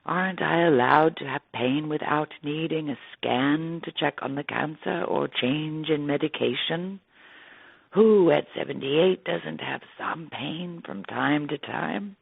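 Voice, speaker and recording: A woman's voice: deep voice, measured pace, creaky, husky, no room sound, heavily acted. A woman voicing a frank, tired old woman of 78 with a Yorkshire accent, heard through a tinny, dry, phone-like line. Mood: weary. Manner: tired, blunt, grumbling. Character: frank 78-year-old woman, weary cancer patient.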